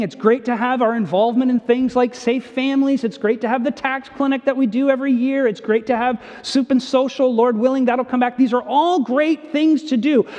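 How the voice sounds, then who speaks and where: A man preaching a sermon as pastor, earnest, moving between emphatic and hushed delivery. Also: very high voice. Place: church sanctuary. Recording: dull sound with long church reverb.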